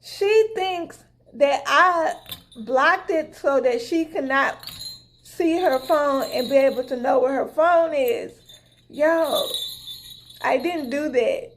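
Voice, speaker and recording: Animated woman telling a story. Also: sits high, slow pace, slight background noise. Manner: animated, retelling conversations with lots of "I was like". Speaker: vlogger. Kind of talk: casual storytelling to viewers.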